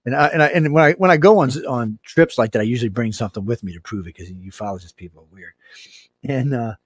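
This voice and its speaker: A man's voice: medium pitch, quick pace, breathy edge, dry recording, clean studio sound. A man as an interview guest, telling stories in a frank, chatty way and acting out the dialogue. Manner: animated storyteller who acts out quoted dialogue; frank, chatty, with mild swearing. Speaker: guest, UFO researcher and radio network producer. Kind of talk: casual storytelling interview.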